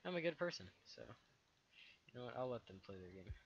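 A young man giving jokey live game commentary with loud outbursts, recorded at a home gaming setup. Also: mid-range voice, very animated, a little fast, gravelly, highs cut off, slight background noise. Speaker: gaming YouTuber.

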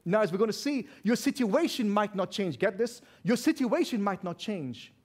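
A man preaching with a noticeable non-native accent and a fairly high voice. He is loud and driven, swinging between forceful shouts and hushed, intimate asides. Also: very animated, normal speed, breathy edge. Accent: non-native English accent. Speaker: pastor. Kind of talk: sermon.

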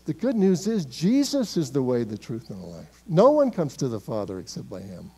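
A man preaching a sermon as pastor in a church, emphatic and swinging between loud declarations and hushed, quiet words. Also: a little high, wildly swooping pitch, brisk, few pauses, husky. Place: church sanctuary.

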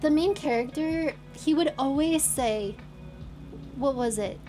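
A woman's voice: sits high, slow, dark tone, faint music behind. A young woman streamer chatting casually and giggling, trying out British phrases. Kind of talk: casual chat. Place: lives in England.

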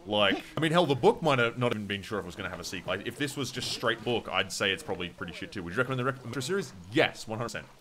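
A man's voice: fairly low pitch, animated, very fast, hardly any pauses, fairly bright tone. A young Australian man chatting casually and swearing while he plays a game and answers viewers. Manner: chatty, swears, reads chat aloud. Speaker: gaming streamer. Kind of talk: casual gameplay commentary.

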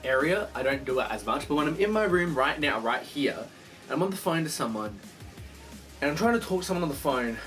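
A young man rattles through a casual bedroom vlog at a very fast clip, his voice sitting a little high. He swears freely and slips into little acted phone voices as he goes. Faint music plays underneath. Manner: animated, swears a lot, acts out phone voices. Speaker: vlogger. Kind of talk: casual rambling monologue.

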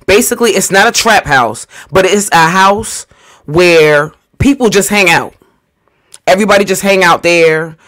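Guy hosting a reaction show, slightly high voice, slow and preachy. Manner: drawn-out, preachy, calming. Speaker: commentary show host. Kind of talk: casual reaction commentary.

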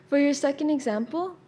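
Woman with a mellow voice asking a question. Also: sits high, a little slow, slight background noise. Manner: tentative, with fillers. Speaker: audience member asking a question.

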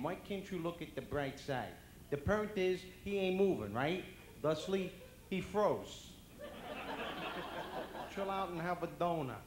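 A man playing an easygoing male cop with a Brooklyn accent, loud and rambling. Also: a little high, noisy background, voice pushed up, lightly acted. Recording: echoey banquet hall.

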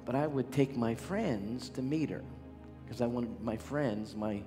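An older man from around Pittsburgh, USA, preaches a healing revival sermon in an unhurried, mid-range voice, exhorting and calling out to the crowd. The large sanctuary sounds reverberant, with music playing.

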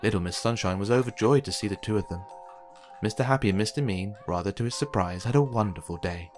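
Low-voiced man reading a kids' book. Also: fast talker. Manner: gentle, expressive storytelling. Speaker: storyteller. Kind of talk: children's book read aloud. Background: faint background music.

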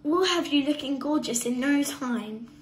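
A woman's voice: sits high, measured pace, roomy sound. A woman voicing a chatty, reassuring hairdresser in a storybook. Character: friendly, cheerful young woman hairdresser.

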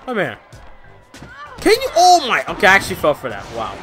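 A young man commentating a wrestling video game, loud, excitable and crude, trash-talking the opponent. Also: high-pitched, a little fast, over music. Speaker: gameplay commentator. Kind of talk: let's play commentary.

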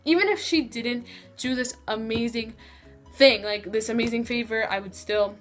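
A woman's voice: a little high, measured pace, a bit bright, soft background music. A woman vlogging casually to camera, gushing and rambling with lots of "like" and "so". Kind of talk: casual unboxing vlog.

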